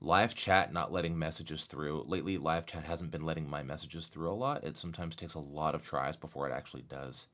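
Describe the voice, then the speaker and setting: A young man streaming a game live, chatting with his viewers and swinging from low muttering to excited exclamations. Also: fairly quick, hardly any pauses.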